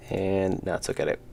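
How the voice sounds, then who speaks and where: A young man with a deep voice and vocal fry streams himself working on his indie game. He rambles casually while working, reading chat aloud and cracking self-deprecating jokes.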